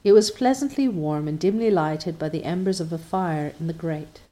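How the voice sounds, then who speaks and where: A woman's voice: on the low side, moderate pace, warm tone. Woman reading a storybook aloud. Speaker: audiobook narrator. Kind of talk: storybook narration.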